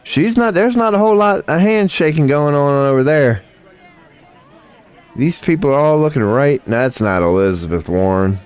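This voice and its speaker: With a slightly high, clear, resonant voice at a moderate pace, this livestream host reacts animatedly with crude trolling humor. He drawls interjections such as "come on now, man," while a faint crowd is audible.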